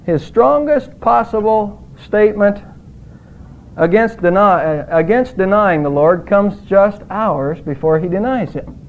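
A man's voice: high voice, lively intonation, unhurried. A male pastor preaching a sermon in an earnest, emphatic way, his voice rising on quoted words. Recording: tinny phone-like audio.

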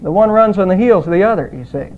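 Male preacher, earnest and emphatic, high-pitched, lo-fi phone-quality recording. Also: animated, fast talker. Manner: earnest preaching, emphatic rises on quoted words. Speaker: pastor. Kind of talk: sermon. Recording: tinny phone-like audio.

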